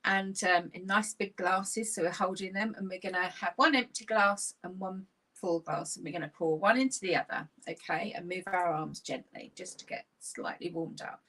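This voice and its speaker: Brief: a woman who leads laughter yoga, has a bright, strong voice, and keeps her instructions upbeat and encouraging. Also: lowish voice, moderate pace. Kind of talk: guided exercise class. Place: seated while leading.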